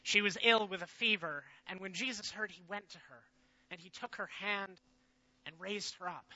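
A man playing the disciple Peter in a dramatic biblical monologue, earnest and shifting from loud to hushed. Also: sits high, moderate pace, muffled recording.

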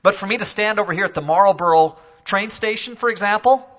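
A man preaching a sermon to a church congregation, moving from calm explanation to loud, emphatic declarations. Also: sits high, a little fast, muffled recording. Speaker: pastor. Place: church sanctuary.

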